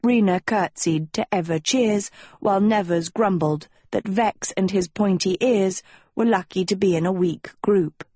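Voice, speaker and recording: A woman narrating a storybook in a measured, even way. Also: medium pitch, husky, no room sound. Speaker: audiobook narrator. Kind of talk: scripted narration.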